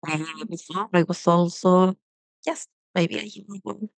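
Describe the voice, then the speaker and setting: A woman yoga teacher giving a casual self-love talk with guided breathing, speaking softly and gently with frequent fillers and restarts. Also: lowish voice, a little slow, gravelly, dry recording, rough recording.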